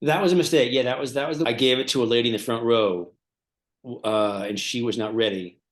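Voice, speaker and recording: Man, comedian, co-host, rambling, filler-heavy, mid-pitch voice. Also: fast talker. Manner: rambling, lots of fillers, builds absurd details. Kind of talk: improvised comedy chat.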